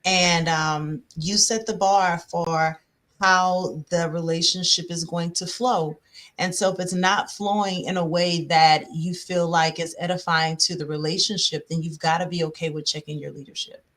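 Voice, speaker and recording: A woman relationship coach talking casually on a podcast, animated, laughing often and pausing on "um". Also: on the low side.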